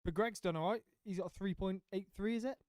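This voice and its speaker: A man commentating a surf contest in a casual, jokey way, chatty and quick to laugh. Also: sits high, darkish tone, clear, resonant tone, dry recording.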